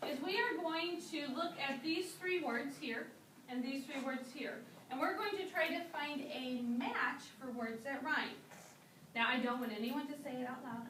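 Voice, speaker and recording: Woman teacher, high voice, slow and clear, roomy classroom recorded from afar with noise. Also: fairly bright tone. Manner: slow, clear, encouraging prompts. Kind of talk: classroom phonics lesson. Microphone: camera in the room. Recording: roomy classroom sound from a distance with background noise.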